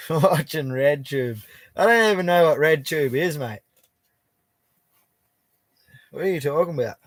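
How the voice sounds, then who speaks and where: A man's voice: a little high, expressive, moderate pace, dry recording. A young Australian man chatting casually on a live stream from his bush camp, reading out viewer comments in a laid-back, chatty way and laughing easily. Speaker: prospecting livestreamer.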